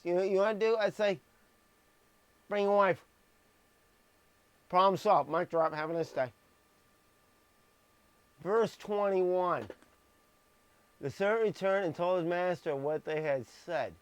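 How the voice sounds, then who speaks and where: A man with a smooth, high-pitched voice delivers a live-streamed Bible message, reading scripture into a streaming microphone with no echo. He stresses words and interjects with blunt sarcasm.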